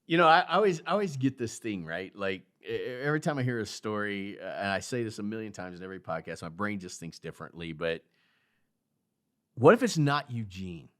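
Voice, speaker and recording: A man's voice: fairly low pitch, lively intonation, fairly quick, fairly bright tone. A man hosting a podcast, asking eager, curious questions and laughing easily. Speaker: podcast host. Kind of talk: conversational interview.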